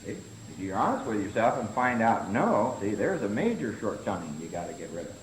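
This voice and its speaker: A man's voice: on the low side, very animated, a little fast. A man leading a recovery-group study session, talking in short punchy phrases and often tagging them with "see?". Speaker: Big Book study leader. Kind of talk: recovery group teaching talk. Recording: echoey room with faint hiss.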